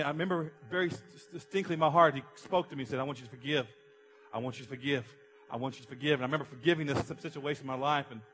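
A man's voice: fairly high pitch, a bit bright. A middle-aged man preaching a passionate sermon as a pastor, acting out an illustration with someone from the congregation.

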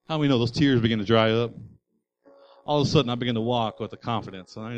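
A man's voice: mid-range voice, fast talker, dull audio, soft background music. A male pastor preaching a sermon. He speaks in an emphatic, repetitive preaching cadence with folksy asides to the congregation. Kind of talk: sermon with personal storytelling.

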